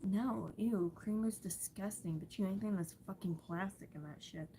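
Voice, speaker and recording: A woman's voice: medium pitch, moderate pace, warm tone, slight background noise, low-quality recording. A young adult woman ranting casually to camera, rambling and swearing freely. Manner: profane, rambling, exasperated. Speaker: vlogger.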